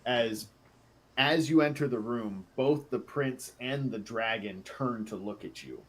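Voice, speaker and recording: A man narrating a tabletop adventure as game master, slowly and descriptively. His voice is husky, with a mid pitch. He often pauses on fillers.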